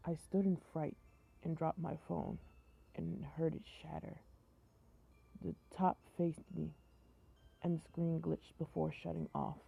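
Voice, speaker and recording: A young woman streamer reading a horror story aloud in a flat, even tone, stumbling over words and chatting between passages. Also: low voice, measured pace, gravelly, pauses often, husky. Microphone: phone mic. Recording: tinny phone-like live-stream audio.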